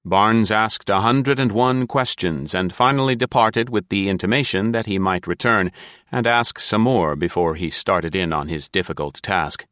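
A man narrating an old detective story in a measured, even audiobook reading. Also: deep voice, no echo. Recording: dry close recording.

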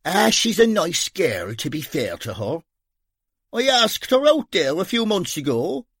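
A man plays a sardonic Dublin police officer with an Irish accent, teasing and deadpan. The voice sits high and swings widely in pitch, unhurried, in a dry, close sound. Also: slightly rough, no echo, exaggerated voice.

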